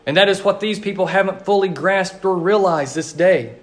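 A man delivers a sermon as a pastor, his voice sitting noticeably high. He speaks earnestly in a repetitive liturgical cadence, slowing down on emphatic phrases.

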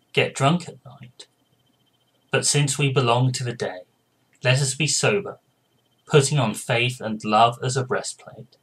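A man reading a scripture passage aloud in a steady, measured way. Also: medium pitch, breathy edge, rough recording. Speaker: scripture reader.

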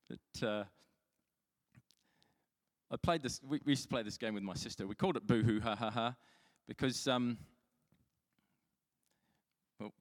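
A man's voice: mid-range voice, unhurried, long pauses. A man delivers a sermon in a loose, conversational way, often stopping to restart a sentence and poking fun at himself. His voice sits in an ordinary middle range. The sound rings out with a long reverb, as in a large hall. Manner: chatty, self-mocking storytelling with many restarts. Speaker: pastor.

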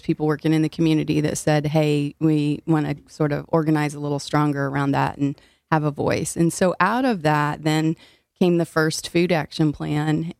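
An older woman's low, darkish voice carries vocal fry in this clean studio recording without echo. She's a city food policy director from Illinois appearing as an interview guest, speaking earnestly with frequent fillers, easy laughs, and a slightly breathless edge.

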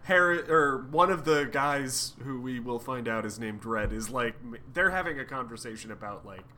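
A man's voice: medium pitch, expressive, moderate pace, pushed and bright, a little hiss or hum. A man co-hosting a podcast, telling a story in a laughing, profane, casual way. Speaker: podcast co-host. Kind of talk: casual comic recap chat.

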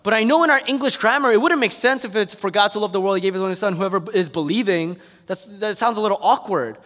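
High-voiced preacher man in a reverberant hall. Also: fast talker. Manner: animated storytelling with quoted voices, swinging from hushed to loud. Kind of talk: sermon.

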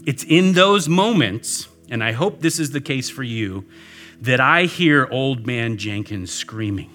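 A man preaching with a clear, bright tone and an unhurried delivery. He tells a personal story and leads a prayer in an earnest voice, with soft music under him. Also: mid-range voice, sing-song. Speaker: pastor. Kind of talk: sermon.

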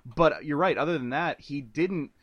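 A man co-hosting a podcast, talking about a film in a relaxed, hedging way. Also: a little high, normal speed, husky, dry recording, muffled recording. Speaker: podcast co-host. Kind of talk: casual film discussion.

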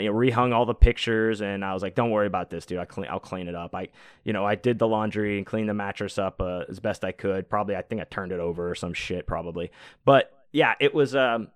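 A man's voice: fairly low pitch, a bit bright, clear, resonant tone, no echo, clean studio sound. Laid-back, profane man telling a story. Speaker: podcast host. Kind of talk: casual storytelling monologue.

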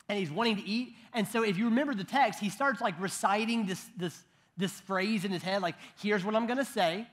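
A man in his thirties preaching a sermon in a conversational way, with joking asides and frequent restarts. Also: sits high. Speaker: pastor.

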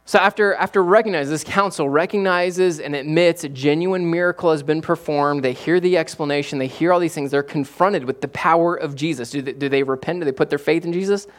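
Animated man preaching a sermon. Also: a little high, fairly quick, few pauses. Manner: animated preaching with big swings from quiet to loud. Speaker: pastor.

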